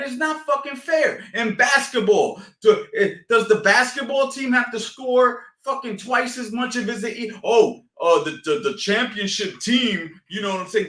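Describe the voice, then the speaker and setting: A man coaching boxing rants to his stream in a high, bright voice that rings around an echoey room. He swears constantly and keeps demanding answers through rhetorical questions, heated and insistent. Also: distant mic. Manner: profane, fired-up, rhetorical questions. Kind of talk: heated livestream rant.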